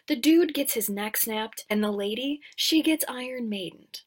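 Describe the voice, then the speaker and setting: A woman's voice: fairly high pitch, moderate pace, hardly any pauses, slightly rough. A woman hosting a comedic movie recap show, talking in a sarcastic, irreverent way and swearing casually.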